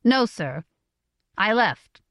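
A woman's voice: medium pitch, very animated, extremely slow, no echo, clean studio sound, exaggerated voice. Woman voicing a terse, level-voiced young son. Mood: level, resolved. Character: young man, quiet son, level and resolved.

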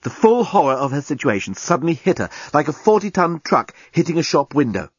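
Guy reading an audiobook, husky and animated, dry slightly muffled sound. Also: on the high side, brisk, no echo. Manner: lively, theatrical storytelling. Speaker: audiobook narrator. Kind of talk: expressive audiobook narration.

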